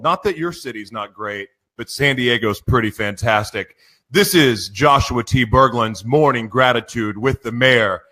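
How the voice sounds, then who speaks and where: A man's voice: medium pitch, moderate pace, pushed and bright. A man hosting a live radio show, giddy and emotional, gushing thanks as he opens the broadcast from a studio.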